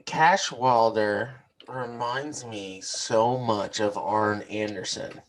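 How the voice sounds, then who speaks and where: A man's voice: fairly low pitch, takes it slowly. A man co-hosting a podcast, arguing his wrestling opinions in a casual chat and repeating his points insistently. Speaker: podcast co-host.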